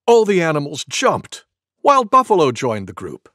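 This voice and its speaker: A man reading a storybook aloud to young children, expressive and gentle. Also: fairly high pitch, moderate pace, no room sound, studio quality. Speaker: storybook reader.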